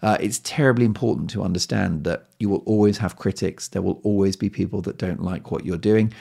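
A man's voice: sits low, a little fast, vocal fry, mellow, breathy edge. A man hosting a solo podcast, talking in a conversational way with many fillers and repeated words. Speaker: podcast host.

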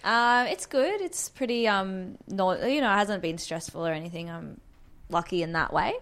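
A woman in casual conversation, telling a story with loose, sweary chat. Her voice sits at an ordinary middle pitch for a woman. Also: lively intonation, normal speed, a bit bright. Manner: chatty storyteller, swears freely. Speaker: comedian guest.

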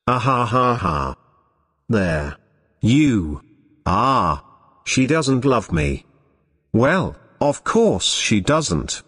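A man plays a pompous, hammy stage actor who lingers over every word and swings his pitch widely in theatrical declamation. His voice rings out with a long hall reverb trailing after it. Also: fairly bright tone, exaggerated voice. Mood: melodramatic. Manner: grand, theatrical, slow declaiming.

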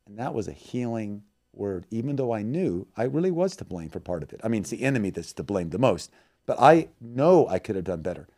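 A man with a low, mellow voice speaks earnestly about loss and faith. His delivery swings between loud emphasis and quiet, hushed moments, closing in heartfelt prayer. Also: big pitch swings, brisk. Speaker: missionary guest.

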